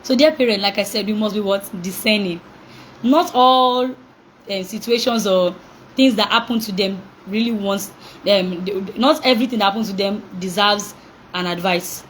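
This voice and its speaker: A young woman coaching parents in an animated talk, acting out reactions, laughing often and asking call-and-response questions. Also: medium pitch, moderate pace, slight background noise, rough recording.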